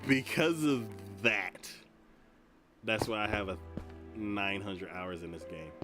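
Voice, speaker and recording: A man with a somewhat low voice chats casually while he plays a game, telling stories and laughing often. Game music plays clearly under his voice. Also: takes it slowly. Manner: animated storytelling with frequent laughter. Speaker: gaming podcast host. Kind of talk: casual chat while playing.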